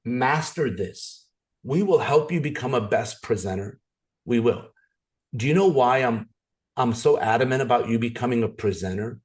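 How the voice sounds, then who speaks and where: Playful, energetic man leading a training. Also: medium pitch, normal speed. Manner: energetic, playful storytelling with many restarts. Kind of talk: motivational training talk. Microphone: video call.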